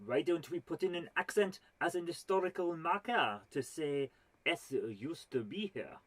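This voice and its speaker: A woman voicing a pompous male French language academic in a deliberately bad fake French accent, theatrical and exaggerated. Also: low-pitched, expressive, no echo. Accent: fake French accent, badly done.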